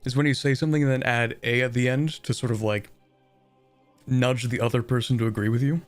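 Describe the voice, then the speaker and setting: A man's voice: mid-range voice, fairly even intonation, brisk, no echo, faint music behind. A man streaming a strategy game, rambling casually and thinking aloud with lots of fillers and chuckles. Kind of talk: casual live-stream chat while gaming.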